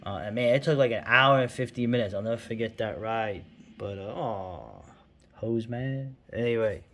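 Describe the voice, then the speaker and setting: A man's voice: lowish voice, lively intonation, normal speed, a bit bright, slight background noise. A middle-aged man from New York City, talking over comic books in a loose, rambling way. He fills his talk with fillers and asides and chuckles often. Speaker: comics video host. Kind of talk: casual rambling commentary.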